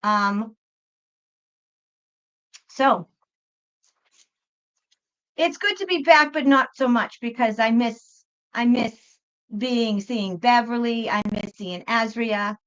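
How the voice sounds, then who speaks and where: A woman's voice: on the high side, slow pace, long pauses, a bit bright, clean tone. Chatty woman on a muffled mic. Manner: chatty and apologetic, with frequent fillers and self-repeats. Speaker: tarot reader hosting a live stream. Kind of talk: casual live-stream chat. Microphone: computer microphone. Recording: dull, muffled microphone sound.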